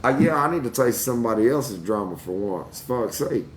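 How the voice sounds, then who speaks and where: A man's voice: mid-range voice, expressive, normal speed, background noise. A man telling crude stories from his childhood in a casual chat, swearing freely and laughing at himself.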